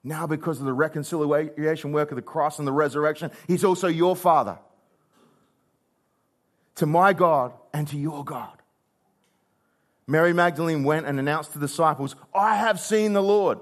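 Expressive male preacher, fairly high voice. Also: moderate pace, long pauses. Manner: expressive, acts out quoted voices, shifts from loud to hushed. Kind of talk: sermon.

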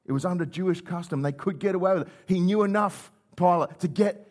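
A man's voice: sits high, fairly quick, few pauses, darkish tone. A male preacher retelling scripture in a conversational sermon, acting out the quotes. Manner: conversational storytelling, acts out quotes.

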